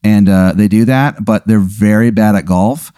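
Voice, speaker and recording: A man hosting a comedy podcast, spinning an improvised story in a rambling, deadpan way full of fillers. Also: lowish voice, moderate pace, smooth, no room sound, clean studio sound. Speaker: podcast host.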